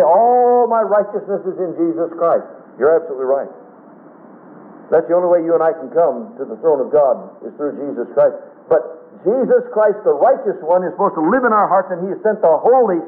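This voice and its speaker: A man preaching a sermon as a pastor, earnest and quoting scripture in old-style English. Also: sits high. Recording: tinny phone-like radio broadcast.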